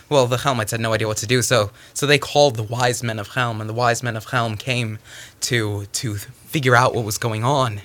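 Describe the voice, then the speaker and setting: A man telling a folktale aloud, animated, with stumbling restarts and sudden hushes. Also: medium pitch, moderate pace. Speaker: storyteller.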